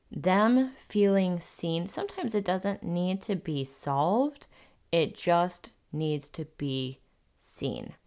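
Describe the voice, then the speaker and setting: Low-voiced woman hosting a parenting podcast. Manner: warm, earnest, conversational parenting advice. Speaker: podcast host. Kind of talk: solo podcast talk.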